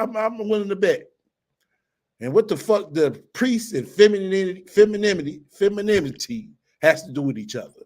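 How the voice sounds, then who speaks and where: A man hosting a casual commentary stream. He swears freely, mocks and laughs often, and his voice swings up and down with lively pitch. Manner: profane, mocking, laughs often. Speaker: host.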